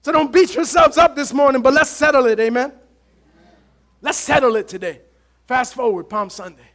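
Male pastor, sermon, impassioned, calls out to the church, very high voice. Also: normal speed, a bit bright.

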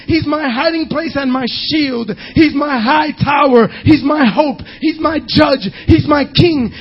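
A male pastor preaching a sermon, emphatic, often shouting and half-singing his lines. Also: extremely high pitch, highs cut off.

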